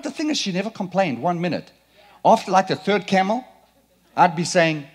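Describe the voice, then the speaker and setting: Animated, playful male preacher. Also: high voice, normal speed, slightly rough. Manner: animated, playful, quizzes the congregation. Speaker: pastor. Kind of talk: sermon. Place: church sanctuary.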